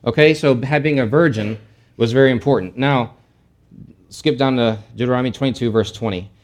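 A man's voice: mid-range voice, a little fast. Conversational male Bible teacher. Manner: casual and explanatory, with frequent restarts and asides.

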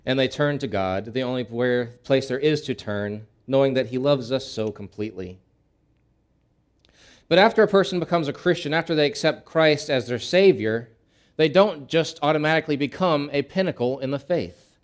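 A male pastor delivering a sermon in an easygoing, storytelling way. His voice sits in an ordinary middle pitch, and he often circles back and restarts phrases as he talks. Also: animated, moderate pace. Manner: folksy storytelling with frequent restarts.

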